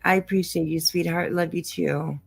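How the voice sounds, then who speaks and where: A woman's voice: on the low side, fairly even intonation, moderate pace, creaky, breathy edge, soft background music. A woman hosting a livestream, reacting to clips in casual commentary, blunt and profane and laughing often. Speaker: livestream host.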